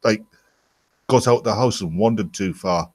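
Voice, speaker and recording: A man's voice: lowish voice, a little slow, a little mellow, no room sound. A man, a blunt, sweary panelist on an online video call. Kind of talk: casual banter in an online hangout.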